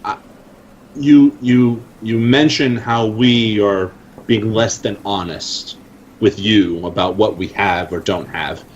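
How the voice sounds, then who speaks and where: A man's voice: on the low side, slow, muffled recording, slight background noise. A man playing a tabletop game, speaking earnestly and formally in character. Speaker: player.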